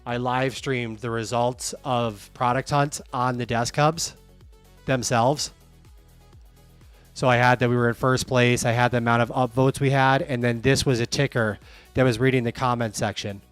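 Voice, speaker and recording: Dude chatting on his livestream, mid pitch, candid and animated, reads chat out loud, some music faint behind. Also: moderate pace, smooth. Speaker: livestream host.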